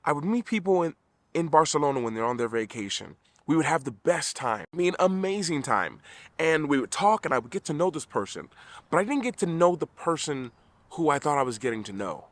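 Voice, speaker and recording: A man's voice: medium pitch, no room sound. A middle-aged man giving an earnest motivational talk to camera, emphatic, often restarting his sentences. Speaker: vlogger.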